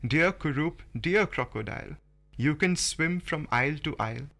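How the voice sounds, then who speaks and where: A courteous male monkey, as a man reads him aloud. The verse is delivered slowly and evenly, in a bright, fairly high voice. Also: animated, creaky, heavily acted. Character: trusting, polite male monkey. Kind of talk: slow poetry reading.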